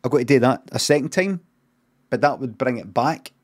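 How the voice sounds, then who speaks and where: A middle-aged man with a Scottish accent spins an improvised comic yarn. His delivery is deadpan and meandering, full of casual swearing and sudden tangents. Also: medium pitch, a little fast. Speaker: streamer.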